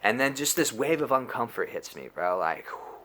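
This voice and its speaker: A man in his twenties telling a crude personal story, slangy and animated, full of dude and bro. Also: mid-range voice, moderate pace, noisy background. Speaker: storyteller vlogger. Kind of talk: casual storytime monologue.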